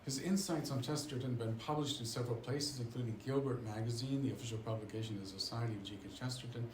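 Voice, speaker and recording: A man's voice: mid-range voice, fairly even intonation, fast. A man introducing a guest speaker in a chatty, rambling way, with laughter and asides. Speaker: event host introducing the speaker. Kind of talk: casual introduction. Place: lecture hall at a seminary. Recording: echoey room with faint background noise.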